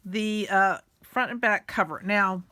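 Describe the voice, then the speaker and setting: Bright chatty woman crafting. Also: mid-range voice, a little slow. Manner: chatty, self-deprecating, talks while working. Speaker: craft tutorial host. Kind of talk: casual craft tutorial.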